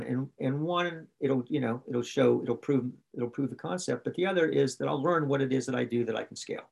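Man from West Virginia, husky, gravelly, rambling storyteller, candid podcast guest. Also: medium pitch, brisk, hardly any pauses, darkish tone. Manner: rambling, self-correcting storyteller. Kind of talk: candid conversation.

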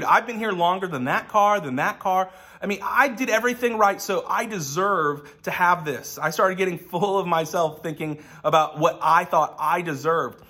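A man preaching a relaxed, chatty sermon with a bright, forceful voice pitched a little high. He moves easily into personal stories. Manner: casual storytelling with personal anecdotes. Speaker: pastor. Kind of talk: conversational sermon.

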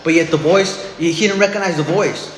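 A man's voice: a little high, fairly quick, echoey room, in a large hall, a little hiss or hum, poor audio. A man preaching a sermon in a casual, conversational way, repeating words and restarting as he explains scripture.

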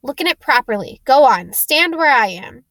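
A woman reading the part of an eleven-year-old boy wizard in an audiobook, with urgent, hushed and excited lines. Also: sits high, normal speed, no room sound, heavily acted.

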